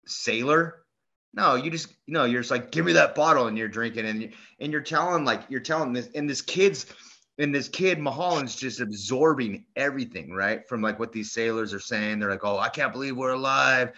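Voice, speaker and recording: A man's voice: medium pitch, normal speed. Rambling man on a lo-fi podcast. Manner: rambling, animated storytelling with many fillers and restarts. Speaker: podcast co-host. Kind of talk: casual chat. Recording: dull lo-fi sound.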